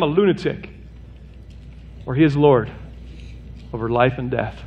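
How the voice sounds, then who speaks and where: A man's voice: unhurried, long pauses, darkish tone, slightly rough, muffled recording. A man preaching a sermon as pastor to his congregation, earnest and direct, mixing plain humor with a rising, urgent appeal. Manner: earnest, rises in pitch and intensity toward an urgent appeal. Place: church sanctuary.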